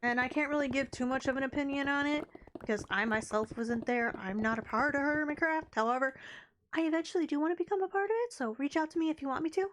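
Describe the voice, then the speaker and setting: A woman's voice: high-pitched, fast, a little hiss or hum. A woman live streamer chatting casually and rambling as she plays a game, often breaking off mid-sentence. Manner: rambling, chatty, self-interrupting. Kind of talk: casual chat while playing a game.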